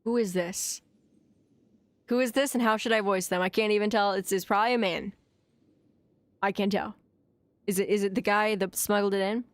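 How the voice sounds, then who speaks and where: A woman's voice: medium pitch, fairly even intonation, moderate pace, pauses often, dry recording. A woman streamer chatting casually over a game, self-deprecating.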